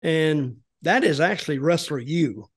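A man's voice: a little high, animated, unhurried, slightly rough. An older American man casually telling a long story, rambling with restarts and acting out what others said. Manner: rambling, restarts, acts out quoted voices. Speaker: storytelling guest, former wrestler.

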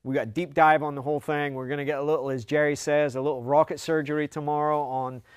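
A man's voice: on the high side, flat delivery, fast, smooth, no echo. A man co-hosting a casual trade show, joking around with frequent laughs and keeping things moving. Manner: jokey, upbeat, frequent laughs. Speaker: co-host. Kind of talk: casual chat.

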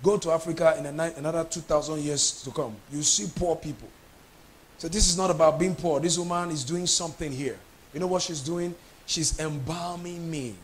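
A pastor delivers a sermon in a notably high voice. He presses his points hard, repeats phrases and keeps asking the congregation whether they are following. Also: brisk, a little hiss or hum. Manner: emphatic preaching with repeated phrases and questions to the congregation.

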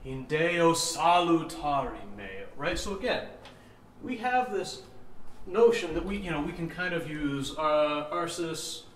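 Unhurried and somewhat high-pitched, a man teaches chant rhythm step by step, counting beats, singing examples, and often asking "right?". The echoey room has faint ambience, and there's a little hiss or hum on the recording.

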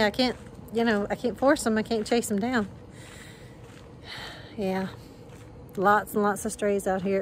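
A woman narrating a casual rescue vlog outdoors at a gas station, talking softly and coaxing stray animals in baby talk. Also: a little high, a little hiss or hum.

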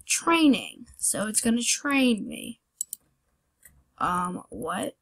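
Slow-talking young woman gaming commentator. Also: medium pitch, big pitch swings, gravelly, a bit bright, husky. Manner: rambling, self-deprecating, yelps and gasps at fails. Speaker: gaming channel host. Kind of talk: casual gameplay commentary.

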